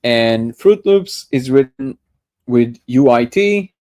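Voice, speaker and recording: He's animated yet takes his time, his medium-pitched voice with a darkish tone, as he hosts a daily live discussion. Watching a clip, he muses aloud in casual commentary, repeatedly restarting and fumbling words.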